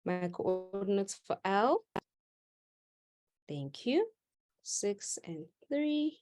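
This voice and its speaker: Woman, maths teacher, online lesson, playful, teasing, slow pace. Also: mid-range voice, big pitch swings, a little mellow, faint music behind. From South Africa. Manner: playful, teasing, laughs with students. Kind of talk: live online class.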